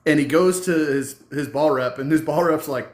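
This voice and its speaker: Man, slightly higher voice, roomy echo, animated casual chat. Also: normal speed.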